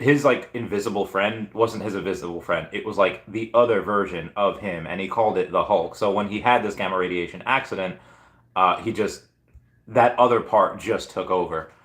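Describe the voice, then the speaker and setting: A hoarse man chatting casually on a live stream, rambling through stories with lots of fillers. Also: lowish voice, fairly bright tone, roomy sound. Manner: rambling, filler-heavy storytelling. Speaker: comic and collectibles YouTuber.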